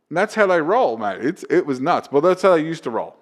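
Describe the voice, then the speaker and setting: Profane comedian telling stories. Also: male voice, a little high, fast. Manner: animated, profane anecdotes with acted-out quotes. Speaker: comedian and open mic host. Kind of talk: casual podcast storytelling.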